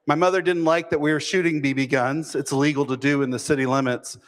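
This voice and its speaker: A man from Texas, telling a humorous personal story with self-deprecating, deadpan timing. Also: a little high, quick pace. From Fort Worth, Texas.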